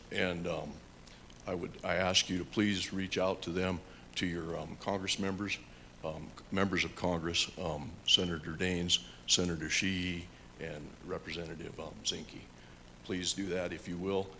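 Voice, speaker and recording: A man, a union carpenter and instructor, giving public comment at a council meeting in a halting way with many fillers and restarts. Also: low-pitched, a bit bright, a little hiss or hum.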